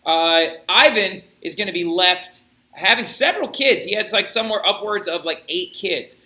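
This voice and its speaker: Male teacher, animated storytelling lecture, very bright voice, echoey room. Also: high voice, normal speed. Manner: animated, storytelling, keeps checking with "right?". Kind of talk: classroom history lecture.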